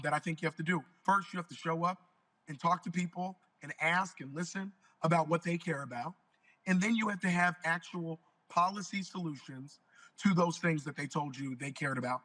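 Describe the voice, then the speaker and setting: A man's voice: on the high side, normal speed, low-quality recording. A man who is losing his voice, speaking earnestly as a state representative guest on a talk show. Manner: energetic, earnest political talk. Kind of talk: live interview on a talk show.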